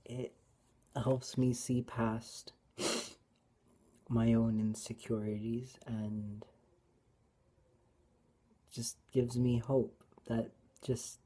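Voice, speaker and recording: Woman, tearful, personal bible reflection vlog, halting restarts, breathy husky tone, very slow pace. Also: a bass voice. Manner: halting, hesitant, with many restarts; soft-spoken, often drops to a whisper. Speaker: vlogger.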